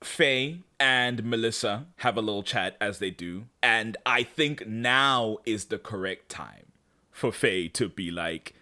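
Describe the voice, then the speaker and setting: A man's voice: on the low side, takes it slowly. A man co-hosting a podcast, joking and laughing as he recaps episodes in casual chat. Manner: expressive and joking, laughs often. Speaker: podcast co-host.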